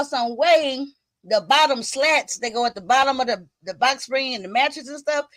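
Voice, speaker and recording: A woman hosting a casual live stream, talking straight to her viewers in an excitable, profane way. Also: sits high, no echo, studio quality.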